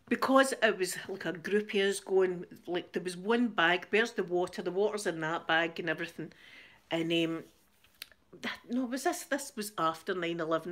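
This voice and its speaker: Fairly low in pitch yet fairly bright in tone, this Scottish channel host chats casually, wandering through a long story with frequent laughter and repeated words.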